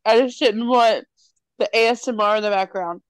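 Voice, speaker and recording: A woman's voice: on the high side, normal speed, clear, resonant tone, dry recording. A woman co-hosting a podcast who drops dry, wry comments into the casual banter. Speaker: podcast co-host.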